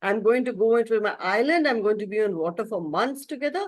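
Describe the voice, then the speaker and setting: Never-happy guy always wanting more, woman putting on the voice, pleading, a bit high. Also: lively intonation, fast talker, no echo. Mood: eager. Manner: pleading and discontented. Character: restless man, never satisfied, grows from boy to old age.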